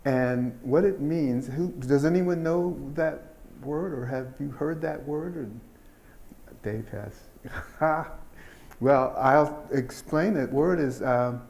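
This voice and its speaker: An older man giving a keynote speech, telling personal stories in an unhurried, folksy way with pauses and fillers. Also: medium pitch, gravelly, darkish tone. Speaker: keynote speaker. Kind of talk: storytelling speech.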